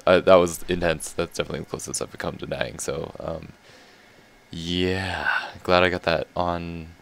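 Deep-voiced man rambling over gameplay. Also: vocal fry. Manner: rambling, excitable, laughs often. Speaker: gaming video creator. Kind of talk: casual gameplay commentary.

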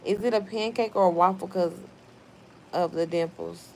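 A woman's voice: fairly low pitch, moderate pace, vocal fry, slight background noise. Blunt young woman live-streaming outdoors. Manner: blunt, swears freely, talks back to trolls. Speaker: livestream host reading chat. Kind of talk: casual live-stream chat. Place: outdoors at home, evening.

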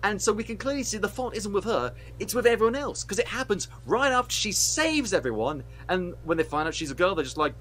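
A man's voice: sits high, sing-song, fairly quick, few pauses, a bit bright, slight background noise. A man co-hosting a film review podcast, ranting with heated, sweary sarcasm. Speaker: podcast co-host reviewing films. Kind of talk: casual podcast rant.

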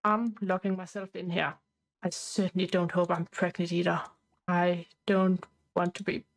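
A woman's voice: fairly low pitch, little pitch movement, moderate pace, close to an everyday voice. A woman doing a spiteful young woman. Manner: snapping, bratty.

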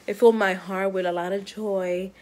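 A pregnant woman in her thirties from New York, chatting excitedly to camera in a rambling, giggly way. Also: mid-range voice, normal speed. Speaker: vlogger, mother of five. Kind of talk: casual vlog chat to camera.

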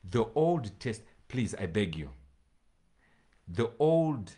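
A man preaching a sermon to his congregation, reading scripture slowly and repeating phrases for emphasis, sometimes pleading with his listeners. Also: fairly low pitch, very animated, mellow. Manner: addresses congregation directly, pleading. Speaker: pastor.

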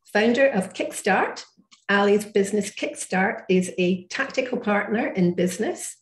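A woman's voice: mid-range voice, echoey room. A woman with a Scottish accent co-hosting a webinar, introducing the panel in a friendly, welcoming way. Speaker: community ambassador, co-host.

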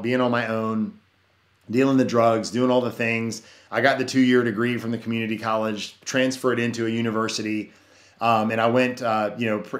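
A man with a fairly low voice shares his personal testimony in casual conversation. He is earnest and rambling, leans on "you know," and often restarts his sentences. The room adds a noticeable echo. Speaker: podcast guest. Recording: roomy echo.

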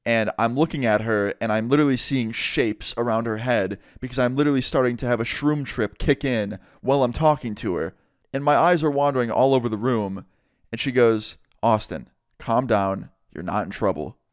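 Guy doing a story time vlog, smooth voice, dry close sound, swears a lot. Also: medium pitch, brisk, no echo. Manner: casual, swears a lot, acts out every voice. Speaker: vlogger.

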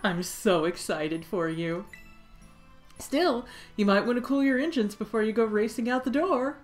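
A woman voicing a cheerful, doting mother in a video game, speaking in a lively, motherly way. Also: a little high, a little slow, soft background music, voice pushed up, lightly acted.

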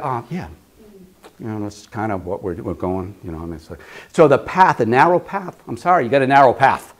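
A man pastor preaching a casual, conversational sermon, often repeating phrases for emphasis and slipping into quick acted asides. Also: on the high side, sing-song.

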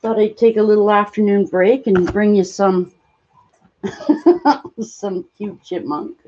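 A woman hosting a casual live stream, cooing at her pet in high baby talk between plain explanations. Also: takes it slowly, dark tone, highs cut off.

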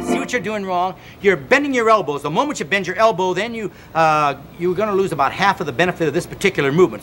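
Talking fast with few pauses over loud music, a high-voiced fitness show host leads a televised home workout. He counts reps with energy and speaks earnestly straight to the viewer, coaxing them along with commands.

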